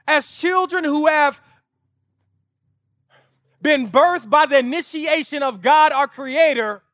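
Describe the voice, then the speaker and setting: High, bright-voiced preaching pastor. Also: male voice, slow pace, pauses often, dry recording, clean studio sound. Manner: impassioned preaching with vivid storytelling and emphatic repetition. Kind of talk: sermon. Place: outdoor lawn service.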